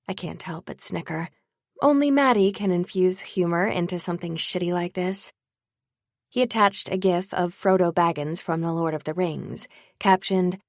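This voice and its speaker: A woman reads a first-person story in a wry, dry tone. Her voice sits on the low side with a gravelly texture. The recording is close and completely dry. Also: normal speed, no echo. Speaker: audiobook narrator. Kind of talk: first-person audiobook narration.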